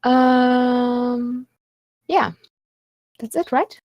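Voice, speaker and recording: A woman playing a tabletop game, speaking in a measured way. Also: a little high, steady tone, no room sound, dull audio. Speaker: player.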